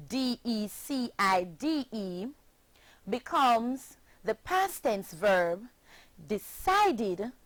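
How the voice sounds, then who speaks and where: Slow, sing-song Jamaican woman teacher. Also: a little high, a bit bright, no echo, low-quality recording. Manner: slow, sing-song chanting with patient spelling out. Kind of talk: children's pronunciation lesson.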